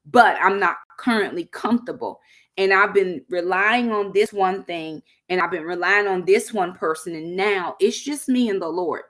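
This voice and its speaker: A woman's voice: lowish voice, normal speed, fairly bright tone. A middle-aged woman chatting casually to viewers on a livestream, addressing them as y'all. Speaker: vlogger hosting a livestream.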